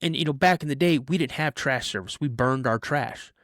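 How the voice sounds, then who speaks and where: Podcast guest, male: a chatty, animated storyteller who slips into character voices, recorded dry and close. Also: mid-range voice, a little fast, no echo. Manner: animated, acts out voices in his stories; chatty, many "you know" fillers. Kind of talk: casual storytelling.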